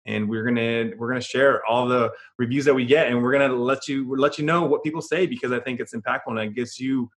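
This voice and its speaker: A man's voice: mid-range voice, steady tone, quick pace, few pauses, a bit bright. A man co-hosting a podcast in casual chat, earnest and motivational, often restarting his sentences. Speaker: podcast co-host.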